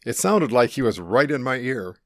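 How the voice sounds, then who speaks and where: A middle-aged man calmly and earnestly narrating his own life-or-death experience in the first person. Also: medium pitch, moderate pace, no echo. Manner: calm, earnest, reflective.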